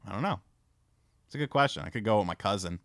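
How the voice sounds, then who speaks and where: Animated, profane streamer man. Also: fairly low pitch, quick pace, dry recording, clean studio sound. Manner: rambling, profane, frequent fillers. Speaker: livestream host. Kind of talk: casual stream chat and storytelling.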